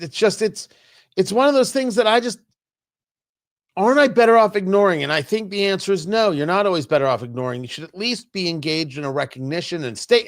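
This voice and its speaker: A male host on a live-streamed talk show, joking with chat viewers and often restarting his sentences. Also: a little high. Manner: animated, teasing chat-reader banter; halting, restarts mid-sentence.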